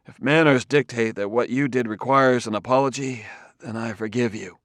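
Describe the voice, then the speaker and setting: A man's voice: medium pitch, moderate pace, a bit bright, dry recording, clean studio sound, voice pushed up, natural voice. A man reading an audiobook, voicing a polite older male scientist who speaks formally and apologetically. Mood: apologetic.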